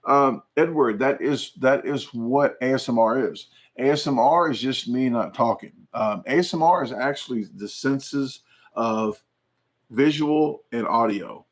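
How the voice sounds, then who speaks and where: Speaking a little slowly at a medium pitch, a man hosts his channel's casual livestream chat. He wanders through viewers' comments, full of jokes and laughter.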